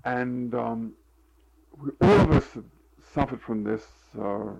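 An older man, interviewed about his life, tells rambling anecdotes that meander and are full of fillers, acting out the dialogue he remembers. His medium-pitched voice is steady, slow, creaky and a little mellow, with lo-fi sound.

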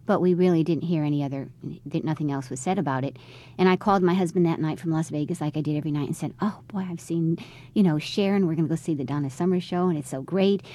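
Fast-talking low-voiced woman recounting a story. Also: warm tone. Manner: conversational, re-enacts quoted dialogue. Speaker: interviewee, mother. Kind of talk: personal storytelling interview.

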